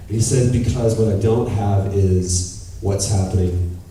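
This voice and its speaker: A man's voice: lowish voice, very slow, pauses often, distant mic, a crowd in the background. A man in his thirties at a convention Q&A, telling candid stories, swearing freely and acting out what people said. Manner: animated, candid storyteller who swears and acts out quotes. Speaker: convention panel guest. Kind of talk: audience Q&A storytelling. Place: large convention hall. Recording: echoey hall taped from the audience.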